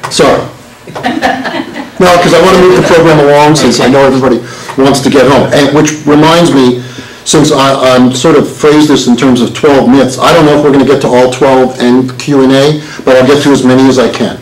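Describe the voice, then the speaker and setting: A man's voice: mid-range voice, fairly even intonation, brisk. A man in his sixties, a lawyer giving a live talk, joking and quizzing the audience. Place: meeting hall with an audience. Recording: roomy hall with faint noise.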